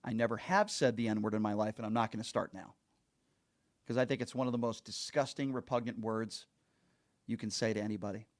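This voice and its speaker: A man's voice: fairly low pitch, fairly quick. A man hosting a call-in talk show, speaking earnestly and emphatically and repeating his points for stress.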